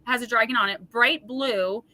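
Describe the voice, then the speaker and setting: A woman's voice: fairly high pitch, moderate pace. A woman hosting a live stream, reading oracle cards and chatting casually with viewers in a rambling way. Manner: chatty, rambling, warm-hearted asides to viewers. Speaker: host and oracle card reader. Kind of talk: casual livestream card reading.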